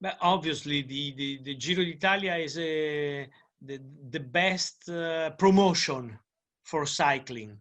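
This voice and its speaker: An Italian-accented man answers questions slowly in English, searching for his words with frequent pauses and fillers. His voice is bright and a little high for a man. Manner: halting, many fillers and restarts. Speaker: Italian cycling journalist guest. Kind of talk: podcast interview.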